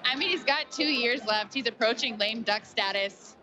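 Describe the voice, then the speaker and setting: Woman interviewee, relaxed, measured answers, clear crowd noise behind. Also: a little high. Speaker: interviewee at an election event. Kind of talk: casual on-the-spot interview.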